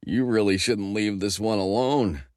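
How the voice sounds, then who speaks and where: A man's voice: lowish voice, unhurried, a little mellow, no room sound, studio quality, natural voice. A man voicing a smug, flirtatious demon-spawn man in an audiobook, suave and teasing. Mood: flirting. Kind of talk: audiobook character voice.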